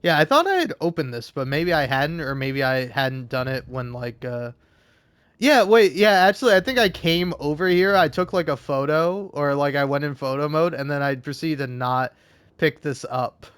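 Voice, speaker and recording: A man's voice: a little high, animated, normal speed, a bit bright, clean tone, no room sound. A man rambling casually from home while playing a game, swearing and laughing often. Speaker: let's play host. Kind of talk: casual gaming commentary.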